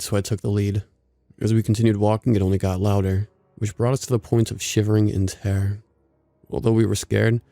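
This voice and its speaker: A man narrating a scripted horror story in a steady, measured way. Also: lowish voice, creaky, no room sound, studio quality.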